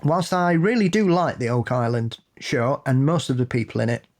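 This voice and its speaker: A man co-hosting a podcast, talking in a loose, casual way. He is blunt and sweary and holds strong opinions, and his pitch sits in the middle range. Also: normal speed. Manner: blunt, sweary and opinionated, building to animated laughing rants. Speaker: podcast co-host. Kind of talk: casual chat.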